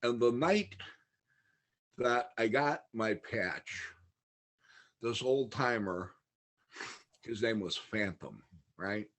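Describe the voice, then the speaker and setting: A man's voice: medium pitch, animated, slow, pauses often, fairly bright tone. A middle-aged man telling stories in a casual podcast chat, rambling, laughing often and acting out what others said. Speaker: podcast guest.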